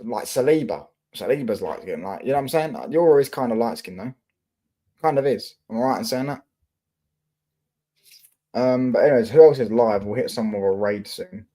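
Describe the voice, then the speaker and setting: Casting: young London man, football streamer, loose and slangy, swears freely, mid-pitched. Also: animated, brisk, mellow. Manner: chatty, slangy, answers chat comments with swearing. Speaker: football livestream host. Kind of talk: casual livestream chat with viewers.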